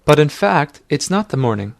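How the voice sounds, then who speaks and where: A man guiding a language lesson in a calm, scripted instructional manner. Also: a little high, normal speed, gravelly, no room sound, studio quality. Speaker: language teacher.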